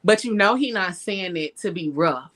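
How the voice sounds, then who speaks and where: Animated, laughing woman podcast host. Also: lowish voice, moderate pace. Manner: animated and laughing, slangy, teasing. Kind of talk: casual podcast chat.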